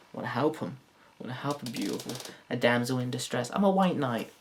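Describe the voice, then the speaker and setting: A male comic with a Yorkshire accent works through a stand-up set in a mid-pitched voice. He rambles, trips over and corrects his own words, and swears freely. His delivery is sardonic. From Yorkshire, England. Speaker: stand-up comedian. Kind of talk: stand-up comedy routine.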